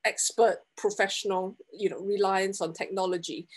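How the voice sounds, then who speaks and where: A woman's voice: medium pitch, fairly even intonation, moderate pace. A woman moderating an online panel, polite and hesitant, with frequent fillers and restarts, on a video call.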